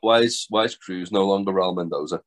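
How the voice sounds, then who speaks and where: Low-pitched male podcaster, deadpan ribbing, swears casually. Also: a little fast. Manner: dry teasing humour, casual swearing. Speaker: podcast co-host. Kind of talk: casual banter.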